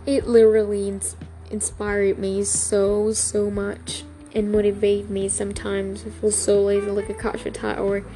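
A young woman hosting a casual solo podcast, talking haltingly with many fillers and restarts. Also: mid-range voice, monotone, warm tone, faint music behind. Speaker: podcast host.

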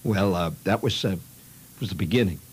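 A man's voice: sits low, moderate pace, breathy edge, low-quality recording. A man telling a childhood story in a rambling, conversational way, peppered with "you know" and "see".

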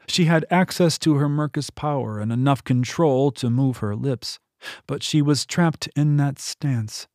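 A man reading a novel aloud in steady, scripted audiobook narration on a close mic. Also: mid-range voice, no echo. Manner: steady storytelling delivery.

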